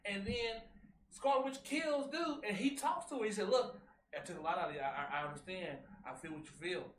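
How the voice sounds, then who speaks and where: A man co-hosting a casual show, recapping a movie excitedly, repeating himself and jumping in over his co-host. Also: high-pitched, a little fast. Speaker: podcast co-host. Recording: echoey room with faint hum.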